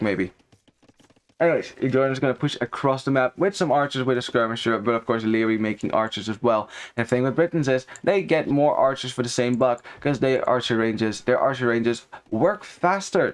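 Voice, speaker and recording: A young male esports caster provides live commentary on a real-time strategy match, chatty and analytical, explaining the game mechanics as the action unfolds. His voice is mid-range and his pace moderate.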